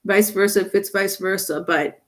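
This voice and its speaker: A woman's voice: medium pitch, fairly even intonation, normal speed. A woman giving a live-streamed tarot reading, rambling with many fillers and restarts. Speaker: tarot reader.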